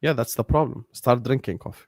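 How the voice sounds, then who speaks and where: A man's voice: medium pitch, fairly quick, gravelly, dry recording. Brash, teasing man, dry sound. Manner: teasing, brash, swears freely. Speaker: co-host of a football fan show. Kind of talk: live stream banter.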